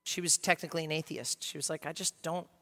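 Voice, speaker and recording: A male pastor preaching a sermon, passionate and swinging from quiet to loud. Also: on the high side, steady tone, fast talker, big-room sound. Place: church sanctuary.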